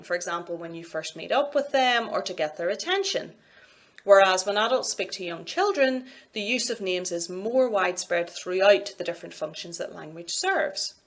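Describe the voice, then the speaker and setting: A woman with a Scottish accent giving a recorded university lecture, explaining clearly and in a measured way, with sing-song examples. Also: medium pitch, fairly bright tone.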